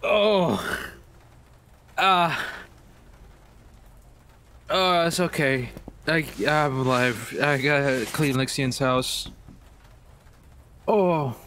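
Man, horror game commentary, jittery, swears often, unhurried pace, bright tone. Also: mid-range voice, slight background noise. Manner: nervous, jumpy, swears a lot. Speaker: gaming video creator.

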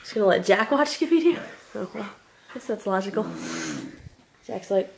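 A young family vlogger from Oklahoma chats casually to the camera indoors at her family home, telling stories full of fillers while she has a cold and a hacking cough. Her medium-pitched voice is animated and gravelly at a moderate pace, with a little hiss or hum in the recording.

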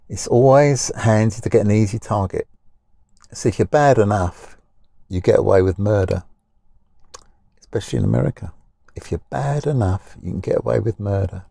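Man, rambling blunt rant, gravelly voice, mellow tone, recorded inside a parked car. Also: on the low side, no room sound, studio quality. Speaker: vlogger. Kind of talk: casual talking-head rant.

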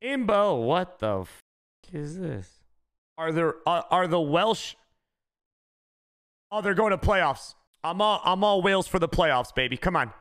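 A man streaming a video game, chatting casually with his chat and shouting when he gets a good pull. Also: sits high, unhurried, long pauses. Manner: excitable, shouts at big pack pulls; talks to chat, says bro a lot. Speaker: gaming streamer. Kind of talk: casual live-stream commentary.

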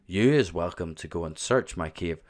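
A gentle, good-natured male giant answers calmly and politely, tangling his words as he goes, voiced by a man reading the story. The voice is deep and unhurried. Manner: polite, calm, muddled words.

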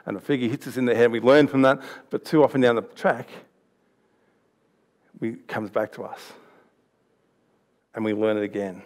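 A man's voice: mid-range voice, steady tone, normal speed, pauses often, a little mellow. A man giving a youth sermon, chatty, laughing and restarting as he tells stories. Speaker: youth pastor. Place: church hall.

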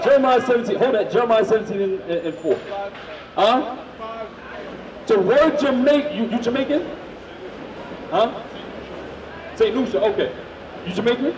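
A man street preaching, loudly firing questions at the crowd and drilling his points home. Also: very high voice, muffled recording, background noise. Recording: echoey, from far off.

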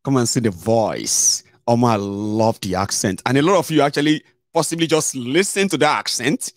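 A man's voice: medium pitch, moderate pace, dry recording. A man with a Nigerian accent hosting a political livestream, chatty and digressive, slipping into pidgin with many fillers. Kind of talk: casual livestream commentary.

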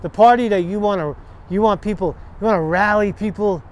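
This is a high-pitched man talking briskly. He's a vlogger out on a city street, aiming a profane, sarcastic, combative political rant straight at the camera.

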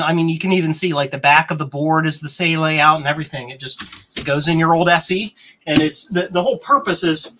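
Chatty, excitable man with a bright voice. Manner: rambling, chatty, reads viewer comments aloud; excitable, bursts into higher pitch. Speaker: host of a vintage computer stream. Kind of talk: casual live-stream chat.

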